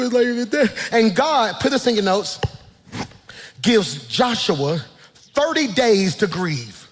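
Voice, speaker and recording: High-voiced, fervent shouting pastor. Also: male voice, lively intonation, slow pace, big-room sound. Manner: fervent preaching, shouting in rising calls. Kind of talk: sermon.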